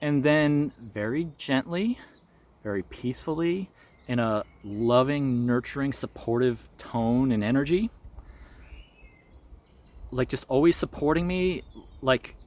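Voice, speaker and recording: A man's voice: mid-range voice, a little slow, long pauses, a little mellow. Earnest man telling a personal story. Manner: earnest and reflective, with light laughs. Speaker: spiritual vlogger.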